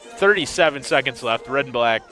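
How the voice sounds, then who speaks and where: A man's voice: mid-range voice, lively intonation, normal speed, pushed and bright, a faint crowd. A man calling a semi-pro football game play by play, with dry, wry asides about confused officiating. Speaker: play-by-play commentator. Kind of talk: sports commentary.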